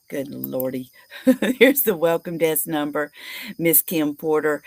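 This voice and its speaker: A woman's voice: deep voice, no echo. A woman hosting a live recovery stream as a peer support host, teary and affectionate, rambling with many fillers. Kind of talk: casual live-stream talk.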